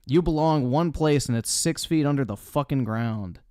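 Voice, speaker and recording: A man's voice: medium pitch, moderate pace, warm tone, clean tone, dry recording. A man live-streaming his reactions, blunt and full of swearing. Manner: profane, blunt outbursts.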